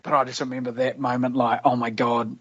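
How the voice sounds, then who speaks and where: A man's voice: mid-range voice, level tone, fairly quick, fairly bright tone, slightly rough, lo-fi sound. A man with a New Zealand accent, a podcast guest telling stories in casual, slangy chat and laughing often. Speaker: guest, professional rugby player.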